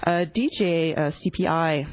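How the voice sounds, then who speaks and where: A woman's voice: sits low, moderate pace, dull audio. A woman hosting a community radio show in a studio, with a nasal voice and a joking, chatty manner. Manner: joking, chatty, trails off with fillers. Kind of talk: casual community radio chat.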